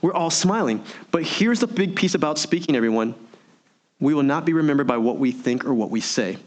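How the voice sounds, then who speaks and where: A man giving an energetic motivational keynote, full of rhetorical questions and audience prompts. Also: fairly high pitch, fairly quick. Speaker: motivational speaker. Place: virtual meeting event.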